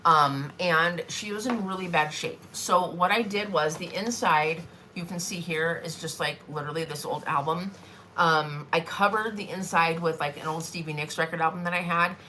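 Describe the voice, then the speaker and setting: A woman's voice: fairly low pitch, normal speed, pushed and bright, a little hiss or hum. A woman in her forties chatting in a rambling way with lots of fillers as she hosts a live craft stream from her desk. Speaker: craft vlogger.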